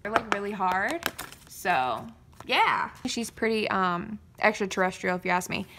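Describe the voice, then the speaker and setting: A young woman, vlogging an excited unboxing reaction, giddy and exaggerated, mumbling one moment and squealing the next. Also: medium pitch, unhurried, slight background noise. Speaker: K-pop fan vlogger.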